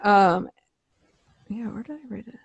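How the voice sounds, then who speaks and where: Animated young woman telling a story. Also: medium pitch, unhurried, creaky, husky, no room sound, lo-fi sound. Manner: animated, swears often, acts out her own quotes. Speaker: podcast co-host. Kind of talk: casual chat, storytelling. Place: home office. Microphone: podcast mic.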